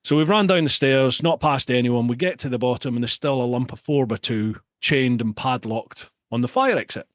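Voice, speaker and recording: A middle-aged man telling a story in casual chat, animated and prone to repeating words. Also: medium pitch, moderate pace, few pauses, no room sound, clean studio sound.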